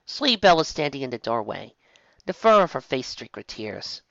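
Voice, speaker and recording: A woman reading a fan story aloud in an expressive storytelling voice. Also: very deep voice, moderate pace, gravelly, no room sound, highs cut off. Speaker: reader.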